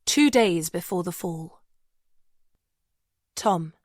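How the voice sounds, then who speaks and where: A woman narrating an audiobook thriller in a measured, suspenseful way. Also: lowish voice, expressive, dry recording, studio quality.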